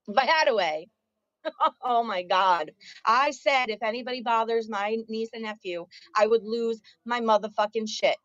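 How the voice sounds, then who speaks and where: A woman's voice: mid-range voice, animated, measured pace, dry recording, dull audio. A woman ranting angrily and profanely on her livestream, confronting her viewers head-on. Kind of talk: angry livestream rant.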